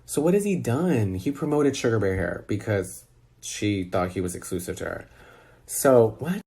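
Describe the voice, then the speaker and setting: A man's voice: on the low side, normal speed, gravelly, a little mellow, breathy edge. A man on a phone rant, firing off exasperated rhetorical questions in a casual, incredulous way. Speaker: social media personality. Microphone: phone held close.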